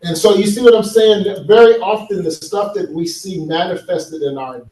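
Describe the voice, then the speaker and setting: His voice sits high and a little mellow, moving at a moderate pace, as a man gives an earnest talk on men's healing to an audience in a large hall. Storytelling and audience questions fill the talk, captured in an echoey room with the mic far off.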